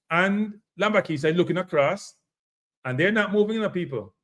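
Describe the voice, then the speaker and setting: Emphatic Jamaican football show host. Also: male voice, a little high, expressive, normal speed. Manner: repetitive, emphatic, addresses viewers as people. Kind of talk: casual football analysis chat.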